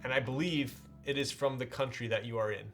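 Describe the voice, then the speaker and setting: Male streamer, relaxed and chatty, medium pitch, faint music underneath. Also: brisk. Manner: laid-back, greets chat with "yo" and "dude". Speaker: streamer building a keyboard. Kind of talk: casual live-stream chat.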